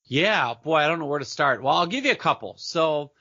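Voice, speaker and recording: Bright, upbeat American man talking sales. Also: a little high, lively intonation, slightly rough, no room sound, muffled recording. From Minneapolis area, United States. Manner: enthusiastic, fast-talking salesman, acts out chat messages. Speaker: guest, business coach. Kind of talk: podcast interview.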